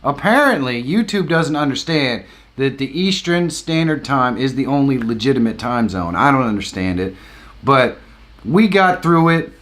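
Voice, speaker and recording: A man's voice: medium pitch, lively intonation, normal speed, fairly bright tone. A man hosting a live stream, greeting viewers by name with upbeat enthusiasm and the occasional whoop.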